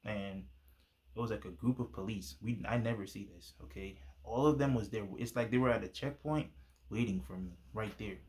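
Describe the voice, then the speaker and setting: A man's voice: lowish voice, normal speed, a little mellow. Laid-back young man telling his story. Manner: laid-back slang, frequent fillers. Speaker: person sharing a personal testimony. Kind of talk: casual storytelling.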